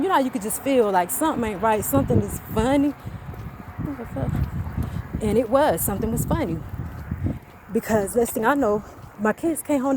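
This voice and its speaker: A woman's voice: medium pitch, background noise. A woman telling a story casually while she walks, blunt and profane, recorded on a phone outdoors. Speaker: vlogger. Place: outdoors, walking by a road and bridge.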